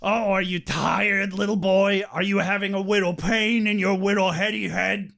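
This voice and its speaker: A man's voice: sits high, fairly even intonation, normal speed, creaky, a bit bright. A man voicing a crude, angry, abusive father who mocks his son. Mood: mocking. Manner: sneering, crude, mocking tone.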